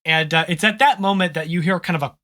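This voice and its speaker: A game master narrating an improvised tabletop role-play in a relaxed, rambling way. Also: medium pitch, fast talker. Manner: relaxed, rambling, laughs often.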